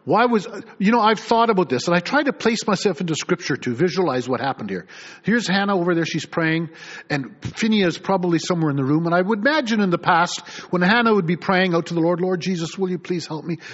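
Animated middle-aged male pastor preaching. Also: high-pitched, quick pace. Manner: animated preaching, reads scripture aloud, acts out voices. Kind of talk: sermon. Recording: dull lo-fi recording.

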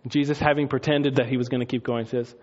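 A man preaching a sermon, telling a story with lively, animated delivery and acted-out voices. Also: medium pitch, quick pace, dull audio. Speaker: pastor.

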